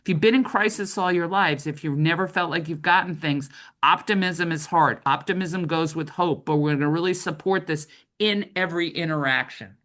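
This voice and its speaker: A woman's voice: on the low side, moderate pace, a bit bright. A middle-aged woman trainer giving a conversational training lecture, often checking in with "right?".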